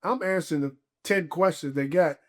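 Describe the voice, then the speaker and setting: A man's voice: a little high, moderate pace. A man, a guest on a podcast, telling a personal story in a casual, emphatic way and acting out his own past thoughts.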